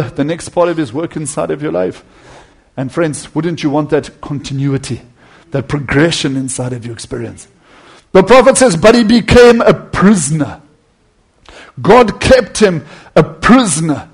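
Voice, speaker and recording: A male preacher delivering a sermon with a rather high, slightly husky voice. He speaks emphatically, rising and falling, and drops to soft tones for quoted words.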